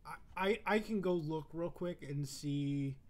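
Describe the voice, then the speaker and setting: A man's voice: fairly high pitch, a little slow. A man co-hosting a wrestling podcast in casual chat, sarcastic and swearing, with hesitant fillers. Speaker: podcast co-host.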